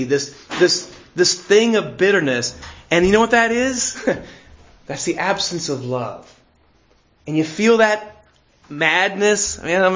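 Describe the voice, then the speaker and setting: A man's voice: sits high, a bit bright, muffled recording. A middle-aged man preaching a sermon in an earnest way, laughing often and repeating words as he searches for them. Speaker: pastor.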